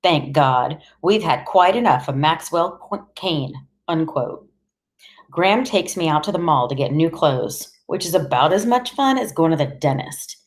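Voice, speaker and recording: A woman narrating an audiobook in the first person, with a deadpan, wry delivery. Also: deep voice, unhurried.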